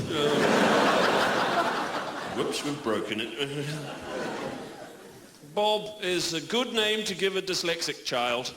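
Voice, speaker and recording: A man's voice: on the high side, measured pace, long pauses, crowd noise. A man in his forties from New Zealand with a New Zealand accent, doing a stand-up comedy set on a club stage in a wry, mock-indignant way, chuckling at his own lines. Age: 40s. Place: comedy club stage before a live audience. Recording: echoey club room with audible noise.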